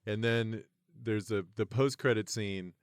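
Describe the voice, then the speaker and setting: A man's voice: fairly low pitch, fairly even intonation, measured pace, clear, resonant tone, dry recording, studio quality. A man co-hosting a podcast, riffing dryly and swearing in casual chat. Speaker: podcast co-host.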